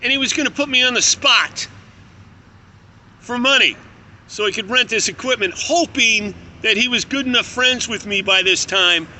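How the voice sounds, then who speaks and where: High, bright-voiced man telling a story. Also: moderate pace, a little hiss or hum. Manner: candid, profane, conversational. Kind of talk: casual spoken storytelling.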